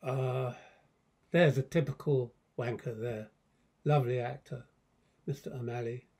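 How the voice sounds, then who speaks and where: Older male director, dark mellow tone, casual swearing raconteur who rambles and restarts. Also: mid-range voice, fairly even intonation, unhurried, breathy edge. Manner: rambling, profane, self-interrupting. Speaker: film director. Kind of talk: casual anecdotal commentary.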